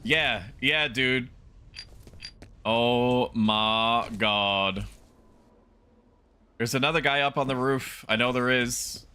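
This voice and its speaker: A young man livestreaming a video game as a VTuber, chatting with viewers and breaking into loud, animated outbursts at the game. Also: medium pitch, takes it slowly, pauses often, smooth. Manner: animated, yells and laughs at the game. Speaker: VTuber streamer. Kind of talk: gaming livestream commentary.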